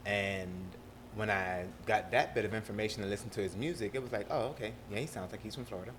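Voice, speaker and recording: A young man with a South Carolina accent talks casually as an interview guest. His voice is bright and forceful, and his storytelling is animated, with frequent laughter. Faint noise sits under the recording. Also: lowish voice, quick pace. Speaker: producer and guest.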